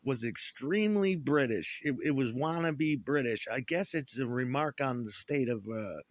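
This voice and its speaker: Middle-aged man, former punk musician, swearing, rambling, bitter, mid pitch, dry close sound. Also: expressive, moderate pace, dry recording. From upstate New York. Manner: profane, rambling, aggrieved rant with many restarts. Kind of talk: rambling solo monologue.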